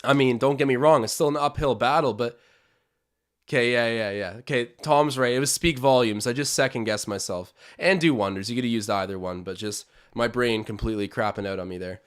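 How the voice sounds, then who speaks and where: A young man from Canada hosting a live basketball watch-along, calling plays and chatting with his viewers, animated and swinging from hype to groans. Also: mid-range voice, a little fast, clear, resonant tone. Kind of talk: excited live game commentary with chat.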